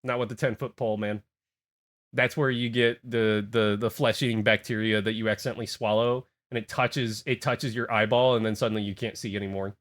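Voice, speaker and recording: A young adult man chatting casually on a live stream, rambling and reacting in an animated, jokey way to his chat. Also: lowish voice, normal speed.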